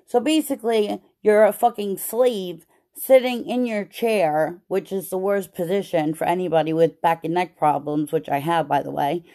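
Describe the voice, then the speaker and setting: A woman podcast host venting about her job in a casual, profane, animated way, with many "like"s. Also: on the low side, normal speed. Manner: profane, animated storytelling with lots of "like".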